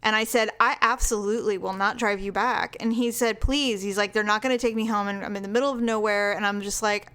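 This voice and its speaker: A woman co-hosting a podcast, telling a bad-date story in a frank, animated way, acting out the dialogue and laughing often. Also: medium pitch, a little fast, hardly any pauses, clear, resonant tone. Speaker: podcast co-host. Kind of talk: casual storytelling chat.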